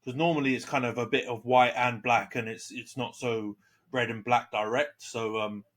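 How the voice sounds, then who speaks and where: A man's voice: medium pitch, fairly even intonation, normal speed, fairly bright tone. A young man co-hosting a casual football podcast, often stumbling over repeated words. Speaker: podcast co-host, Man Utd fan. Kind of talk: casual banter about football.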